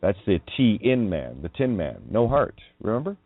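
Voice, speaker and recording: A low-voiced man talks in a rambling, emphatic monologue, his pitch swinging up and down as he goes. The sound is thin and phone-like, close and dry. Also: sing-song, moderate pace, dry recording. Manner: wandering, emphatic, swears when riled. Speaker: radio show host. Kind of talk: rambling monologue on word meanings. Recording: tinny phone-like line.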